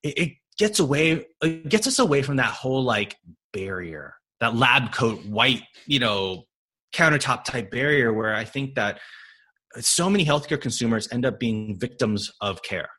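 A man's voice: mid-range voice, breathy edge. A man in his thirties, a physical therapist speaking English as a non-native language, chatting casually on a podcast with lots of fillers, restarts and laughter. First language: not English. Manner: animated, many fillers and restarts, quick to laugh.

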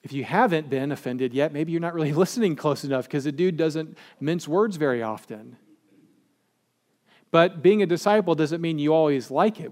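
A male pastor delivers a sermon in a church. He speaks conversationally and addresses his listeners directly, and his voice sits a little above the usual male pitch. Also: moderate pace, a little mellow.

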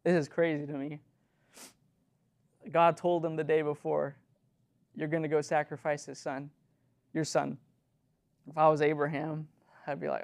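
Earnest young man preaching, gravelly voice. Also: fairly high pitch, level tone, moderate pace, pauses often, a little mellow. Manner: earnest, conversational, with frequent fillers and nervous laughs. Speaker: youth leader preaching. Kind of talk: sermon.

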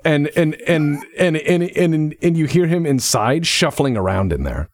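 A man's voice: a little high, background noise. A man narrating a tabletop game as game master, casual and full of restarts. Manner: relaxed, halting, lots of restarts.

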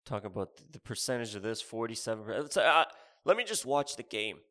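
A man's voice: medium pitch, sing-song, fast, fairly bright tone. A man in his thirties delivering a rambling, sarcastic, profane comedic rant as a podcast host.

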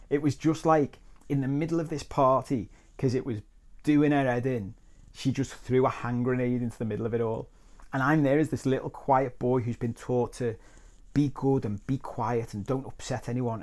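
A man's voice: medium pitch, darkish tone. A man hosting a solo podcast as a life coach. He tells a personal story in a conversational, reflective way with crude asides.

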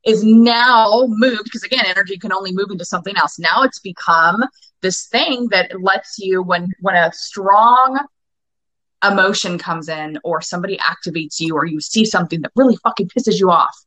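A woman in her forties speaks with a bright, forceful voice. She is emphatic and swears freely as she coaches. The recording is dry, with no room sound. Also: medium pitch, normal speed, no echo, low-quality recording. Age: 40s. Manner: emphatic, profane, passionate. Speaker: guest, anger-work coach. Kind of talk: podcast interview.

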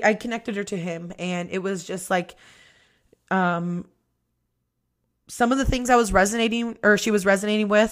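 Young woman podcast host, casual confessional storytelling, profane and giggly. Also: mid-range voice. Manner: candid, profane, laughs often.

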